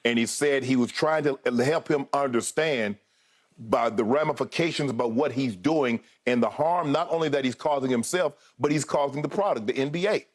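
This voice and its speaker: A man's voice: mid-range voice, moderate pace. A man co-hosting a sports debate show, talking in an emphatic, colloquial way and often addressing his co-host directly.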